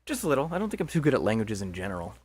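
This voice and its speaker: A man's voice: fairly low pitch, sing-song, racing. A man casually reading a visual novel aloud and joking between lines, laughing often.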